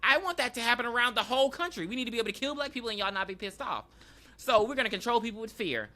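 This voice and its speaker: A woman's voice: on the high side, expressive, very fast, pushed and bright. A woman co-hosting a podcast, recapping a TV episode in loose casual chat and acting out the characters' lines. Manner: loose storytelling, acting out characters with slang and laughs. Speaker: podcast co-host.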